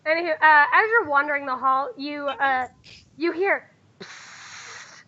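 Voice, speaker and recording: A woman's voice: high voice, normal speed, bright, forceful tone. A woman narrating as game master in a tabletop game, in a chatty way with frequent laughs. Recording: dull lo-fi recording.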